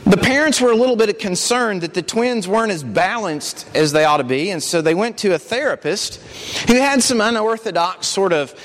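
A man's voice: high-pitched, animated, moderate pace, a bit bright, long reverb tail. A male preacher giving an earnest sermon, telling stories and often repeating words. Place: church.

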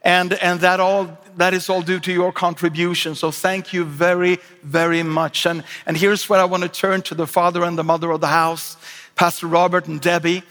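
A middle-aged guest pastor from Sweden, high-voiced and Swedish-accented, preaches a lively sermon at normal speed. He jokes in asides and restarts his phrases, while the long reverb of a large church auditorium rings around him.

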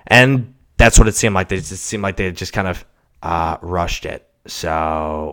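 A man hosting a solo casual podcast, rambling and swearing, swinging from mumbles to shouts, on a cheap home mic. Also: low voice, measured pace, smooth. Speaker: podcast host. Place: home recording setup. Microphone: cheap mic without pop filter.

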